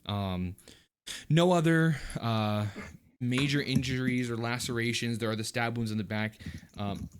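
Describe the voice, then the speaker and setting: A man running a tabletop game as game master, describing scenes in a relaxed, loose way with many pauses. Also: medium pitch, clean tone.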